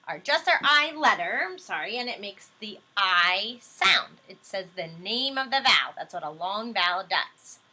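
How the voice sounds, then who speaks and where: Slow, bright-voiced woman teaching phonics. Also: on the high side. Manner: slow, patient, explains step by step. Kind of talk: recorded phonics lesson for young children.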